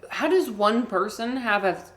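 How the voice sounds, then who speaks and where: A woman's voice: fairly high pitch, animated, a little slow, a bit bright. A young woman streaming a game, chatting casually with her viewers and laughing often. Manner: giggly, chatty, reacts to chat. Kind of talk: casual chat while gaming.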